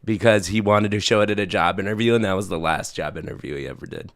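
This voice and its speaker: A man's voice: sits low, quick pace, gravelly. A man hosting a podcast in casual chat, laughing hard and reacting eagerly.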